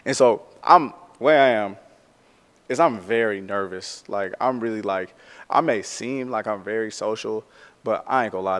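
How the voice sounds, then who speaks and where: A man who works as a tattoo artist, telling a story in a casual, animated way, full of slang and "like". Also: on the low side, big-room sound.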